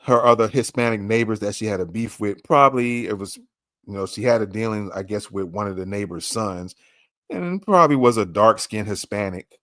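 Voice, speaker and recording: A man's voice: on the low side, normal speed, a bit bright, no echo, clean studio sound. A man hosting a podcast, commenting on a clip with emphatic, repeated rhetorical questions. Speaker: podcast host.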